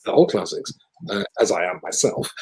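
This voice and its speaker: A man's voice: low-pitched, lively intonation, normal speed, darkish tone, low-quality recording. A Scottish man from Scotland, a guest speaker telling stories in conversation with wry, self-deprecating humour. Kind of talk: conversational storytelling.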